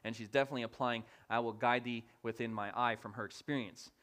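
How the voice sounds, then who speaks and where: A man in his thirties preaching in a church, telling a family story in an animated way and acting out the voices of his family. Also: mid-range voice, fast. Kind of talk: storytelling sermon. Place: church sanctuary.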